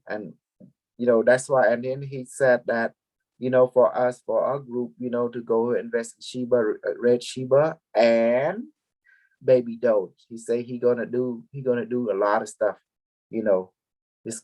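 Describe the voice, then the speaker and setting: A group leader with a mid-range, darkish voice gives a long, casual spiritual talk to his followers. He rambles, repeats words, and mixes languages as he goes.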